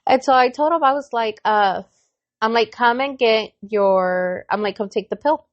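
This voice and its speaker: A woman co-hosting a podcast, chatting casually and bluntly, telling animated stories with voiced quotes and plenty of swearing. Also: fairly high pitch, moderate pace, no echo, highs cut off. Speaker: podcast co-host. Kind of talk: casual chat.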